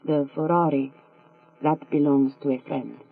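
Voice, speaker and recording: A woman's voice: sits low, steady tone, unhurried, vocal fry, no echo, heavily acted. A woman reading as a mocking femme fatale. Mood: teasing. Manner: teasing, coolly mocking. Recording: tinny, phone-like with mains hum.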